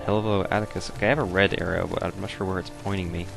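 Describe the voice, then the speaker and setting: A young man giving laid-back, rambling commentary as he plays a video game, now and then breaking into loud joking voices. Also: deep voice, flat delivery, rapid-fire, vocal fry, over music. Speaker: let's play host. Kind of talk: casual gameplay commentary.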